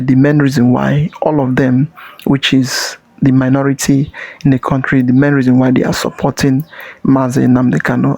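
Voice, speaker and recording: A man hosting a channel, giving halting commentary in short fragments and restarting often. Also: medium pitch, creaky, no room sound, poor audio. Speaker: channel host. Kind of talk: casual commentary.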